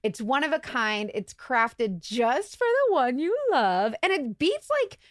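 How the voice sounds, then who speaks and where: A woman co-hosting a podcast, expressive with emphatic reactions in casual chat. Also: high voice, a little slow, no echo, clean studio sound. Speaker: podcast co-host.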